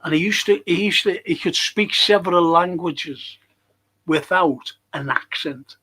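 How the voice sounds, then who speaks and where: A man's voice: high voice, unhurried, bright, forceful tone, breathy edge, rough recording. An older man, co-hosting a casual chat and telling long rambling anecdotes. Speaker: co-host.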